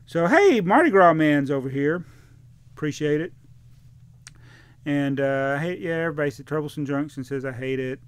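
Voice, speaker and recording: A man's voice: fairly high pitch, lively intonation, normal speed, long pauses, smooth, dry recording. Exasperated man ranting over a toy haul. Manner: exasperated, chatty, reads viewer comments. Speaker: toy collector vlogger. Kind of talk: casual unboxing rant.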